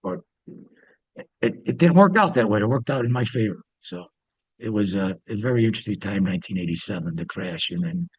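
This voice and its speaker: Husky low-voiced man telling trading stories. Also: lively intonation, brisk, no room sound. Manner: rambling, many fillers and restarts. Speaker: interview guest, former pit trader. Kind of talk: casual storytelling.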